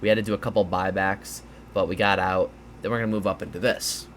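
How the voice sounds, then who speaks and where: A man's voice: low voice, fairly even intonation, fast, a bit bright, a little hiss or hum. A man casually explaining gaming strategy over a map, rambling a bit with fillers and restarts, sounding tired. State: tired, yawning. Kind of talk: casual gameplay breakdown.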